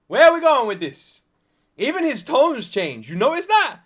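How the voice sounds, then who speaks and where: British man, reaction host, casual commentary, high lively voice, bright tone. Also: moderate pace. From Britain. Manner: excitable, exclamatory, laughs often.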